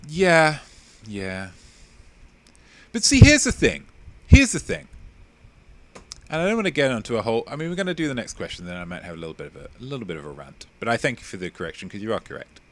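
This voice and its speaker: A man hosting a live-streamed quiz, playful and mock-pompous as he chats with viewers. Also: rapid-fire. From England. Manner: playful, mock-pompous, lively swings in pitch. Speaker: quiz host.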